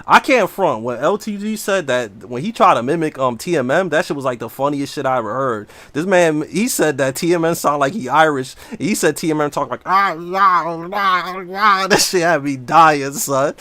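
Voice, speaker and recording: A man's voice: fairly high pitch, a little fast, few pauses, no room sound. A man chatting casually and brashly while streaming a game. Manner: brash, slangy, animated. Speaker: livestreamer. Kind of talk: casual gaming stream talk.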